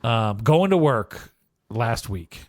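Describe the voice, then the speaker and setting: A man co-hosting a casual podcast, telling a story with lively asides and frequent "okay?" check-ins. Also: mid-range voice, takes it slowly, no room sound, studio quality. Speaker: podcast co-host.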